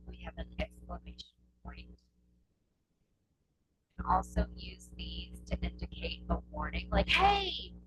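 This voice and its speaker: A woman teaches a test prep lesson in an unhurried, patient way. She goes over each point more than once and checks in with her listeners. Steady hum and noise sit under her voice. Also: on the low side. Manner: slow, patient, repeats points with checking "okay?". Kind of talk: classroom lesson explaining punctuation.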